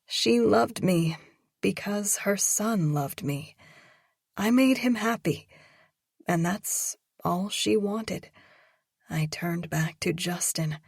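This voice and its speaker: A woman reads a romance audiobook with a slow, unhurried delivery. Her voice sits a little low and has a soft, breathy edge. The sound is dry and close, with no room around it. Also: no echo. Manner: slow, measured reading. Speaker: audiobook narrator.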